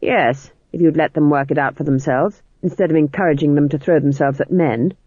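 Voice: medium pitch, a little fast, dry recording, lightly acted. Brief: severe old witch, read by the narrator, icy and cutting, dry tinny recording. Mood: scornful. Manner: cold and cutting, speaks quietly with contempt. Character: proud stern old witch woman, cold and severe. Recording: tinny phone-like audio, dry.

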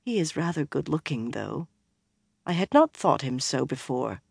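A stiff foreign woman officer talks in a blunt, formal, clipped way, as an audiobook narrator puts her on. The delivery is slow and deliberate, and the recording is dry and close. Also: mid-range voice, big pitch swings, creaky, darkish tone, breathy edge, dry recording, exaggerated voice.

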